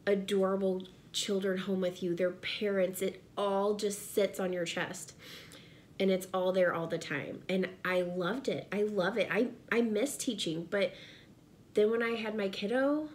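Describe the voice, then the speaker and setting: A woman's voice: medium pitch, slight background noise. A pregnant woman, talking earnestly and directly to viewers in a casual vlog from her home office. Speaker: vlogger and direct sales seller.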